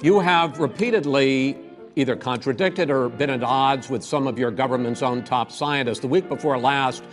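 An older man moderating a televised debate, measured as he presses the candidates with questions. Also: medium pitch, soft background music. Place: large debate hall.

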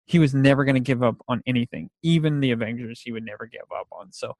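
A man in casual chat about movies, rambling and animated as he retells scenes. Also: mid-range voice, fast talker, no echo.

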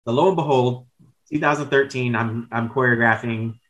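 A man's voice: medium pitch, moderate pace, a bit bright, rough recording. A man in his thirties telling candid, rambling stories as a podcast guest, with casual swearing and self-corrections. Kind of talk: casual storytelling chat.

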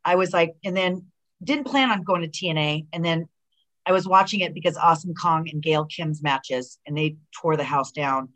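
Lively middle-aged woman telling stories. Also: low voice, moderate pace. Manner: animated storyteller who acts out quoted dialogue, many fillers and restarts. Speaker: guest, retired pro wrestler. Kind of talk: casual interview chat.

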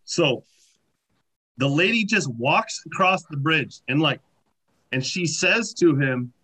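A man telling stories in a casual chat, animated and full of fillers. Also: a little high, slow pace, slightly rough. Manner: animated anecdotes, many fillers. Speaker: podcast guest. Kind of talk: casual storytelling.

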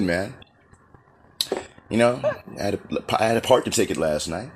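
A man sending a voice message, talking in an animated, mock-confrontational way. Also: on the low side, moderate pace, long pauses, breathy edge. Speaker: caller.

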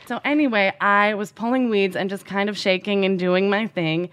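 A woman in her thirties telling a funny, self-deprecating personal story in an animated, conversational way. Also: medium pitch, moderate pace.

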